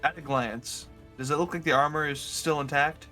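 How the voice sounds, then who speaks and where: A man's voice: fairly high pitch, steady tone, normal speed, pushed and bright, faint music behind. A young man playing in a tabletop game, talking hesitantly with lots of fillers. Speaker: player. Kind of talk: casual tabletop play.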